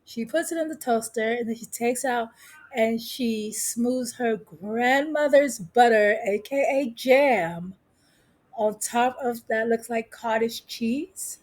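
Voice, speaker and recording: Woman, vlogger, casual recap, sassy, gossipy, slow delivery. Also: a little high, a little mellow. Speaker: vlogger recapping a show episode.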